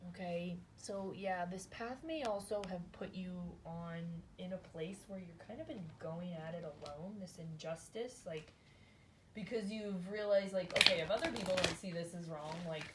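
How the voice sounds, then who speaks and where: A woman's voice: fairly low pitch, a little hiss or hum. A woman giving a casual tarot reading, thinking aloud in a chatty, rambling way, often adding "like" and "right?". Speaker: tarot reader.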